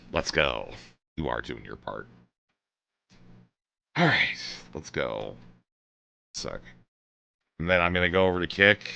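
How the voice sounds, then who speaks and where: Bright-voiced male streamer, lively. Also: low voice, gravelly, smooth. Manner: laughs easily, chatty asides. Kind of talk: casual livestream chat.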